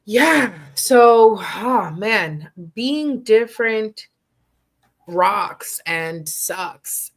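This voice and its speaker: A woman who is a social worker, a podcast guest speaking in a reflective, soft-spoken way with lots of "like" and "right?". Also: medium pitch, lively intonation, very slow. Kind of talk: casual conversational interview.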